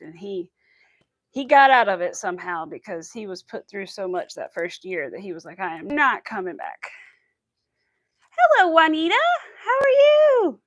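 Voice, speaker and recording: A woman's voice: medium pitch, dry recording. A young woman hosting a crochet livestream, chatting casually and rambling through stories with quoted asides. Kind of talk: casual chat while crocheting.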